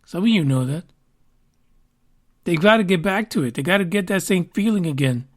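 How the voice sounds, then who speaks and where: A man's voice: sits high, animated, moderate pace. A man hosting a podcast, talking casually and rambling, with fillers and the odd swear word. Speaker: podcast host.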